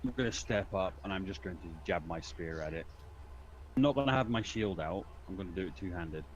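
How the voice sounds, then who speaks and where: A man's voice: low-pitched, animated, fairly quick, a little hiss or hum, rough recording. A man playing a tabletop game, casually declaring his character's actions. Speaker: player.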